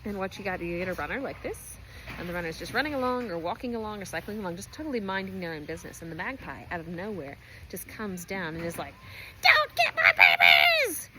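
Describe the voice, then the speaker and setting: A race organiser with a lowish voice gives a quick, chatty race briefing video at a distillery pizzeria, with background noise audible. She is playful and pokes fun at herself.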